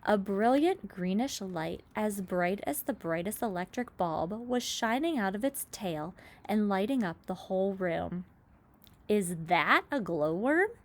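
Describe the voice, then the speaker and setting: A woman reading a children's story aloud in an expressive narrating voice. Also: mid-range voice, measured pace, few pauses. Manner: expressive, lively. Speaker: reader.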